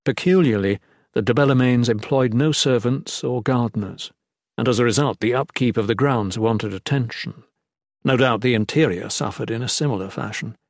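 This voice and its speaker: A man's voice: mid-range voice, no room sound. Man reading an audiobook in a dry studio. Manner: measured, descriptive. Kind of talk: audiobook narration.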